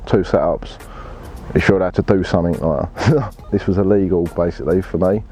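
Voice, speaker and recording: A man's voice: sits low, a little fast, warm tone, faint music behind. A man telling a fishing story in blunt, laddish slang and swearing freely. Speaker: angler telling his story. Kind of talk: casual storytelling.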